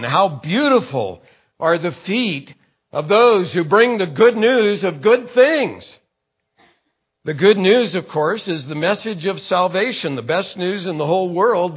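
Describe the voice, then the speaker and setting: A man preaches a sermon at an unhurried, deliberate pace. His voice sits a little high, and he works through scripture verse by verse with vivid illustrations. The recording sounds dull and lo-fi. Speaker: pastor.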